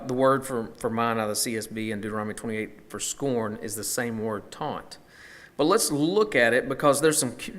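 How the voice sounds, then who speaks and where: A man's voice: mid-range voice, fairly bright tone. Man teaching a casual Bible study. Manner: conversational, thinking aloud with fillers and restarts.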